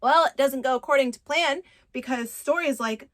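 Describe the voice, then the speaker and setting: A woman's voice: high-pitched, a little fast, fairly bright tone. A woman casually recapping a romance novel, chatty and retelling the scenes. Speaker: book reviewer.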